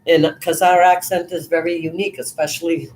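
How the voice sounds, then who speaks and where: A woman with a Boston accent chatting casually, relaxed and joking with quick asides. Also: fairly low pitch, slight background noise. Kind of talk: casual chat.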